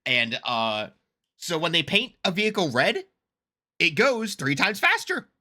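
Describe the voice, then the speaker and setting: A man giving casual reaction commentary, excitable, laughing often and swearing freely. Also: fairly high pitch, a little slow. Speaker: reaction streamer.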